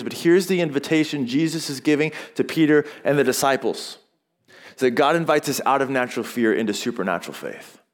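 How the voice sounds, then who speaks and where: Man, pastor, sermon, conversational, rhetorical questions, acted-out quotes, mid pitch.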